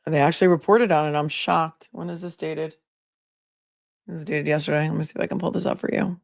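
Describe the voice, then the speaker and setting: Lowish, chatty woman livestream host. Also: steady tone, a little fast, vocal fry, dry recording, studio quality. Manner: chatty, thinking aloud with many asides; reads viewer messages aloud. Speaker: attorney and commentator. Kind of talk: casual livestream commentary.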